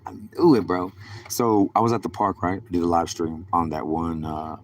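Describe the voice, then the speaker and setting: A man's voice: deep voice, fairly even intonation, moderate pace, a little hiss or hum. A young man telling rambling stories on a live stream, full of cursing and street slang. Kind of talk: casual rambling storytelling.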